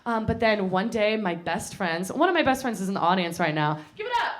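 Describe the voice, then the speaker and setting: A young woman tells a funny story from her teens to a live theater crowd. She is chatty and self-mocking, and her voice sits in an ordinary middle pitch. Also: animated, brisk. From North Carolina. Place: small theater stage before a live audience.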